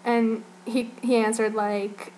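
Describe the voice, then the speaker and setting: A woman's voice: fairly high pitch, flat delivery, slow pace, darkish tone, slight background noise. A young woman giving a casual, giggly fan report about an event she attended, full of "like" and gushing asides. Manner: giggly, gushing, heavy use of "like". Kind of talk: casual spoken recap.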